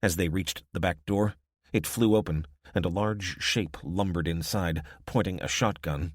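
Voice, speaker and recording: A man narrating an audiobook in steady, even scripted storytelling. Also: deep voice, measured pace, no echo, clean studio sound.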